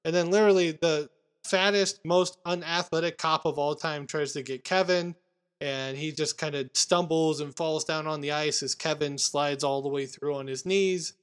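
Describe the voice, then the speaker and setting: A man hosting a casual podcast, retelling movie scenes with animated quoted lines. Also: on the high side, moderate pace, clean tone. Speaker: podcast host recapping a film. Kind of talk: casual chat.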